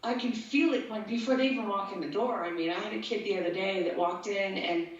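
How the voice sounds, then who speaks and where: A woman's voice: medium pitch, quick pace. A woman speaking as an interview guest, talking earnestly and at length in a rambling way. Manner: earnest, rambling, gets emotional. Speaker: guest, empath and tattoo artist. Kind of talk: casual interview talk. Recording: echoey, distant, dull sound.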